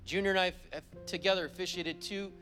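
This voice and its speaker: A pastor delivers a church sermon in a notably high male voice, hammering home his points by repeating phrases. When he reads scripture aloud he slows right down. A soft instrumental plays faintly underneath. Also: steady tone, faint music behind. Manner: emphatic preaching with repeated phrases for emphasis. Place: church service.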